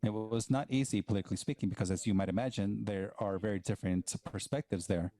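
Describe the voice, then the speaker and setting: A man giving a plenary conference talk, speaking in a halting way with frequent restarts. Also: lowish voice, dark tone.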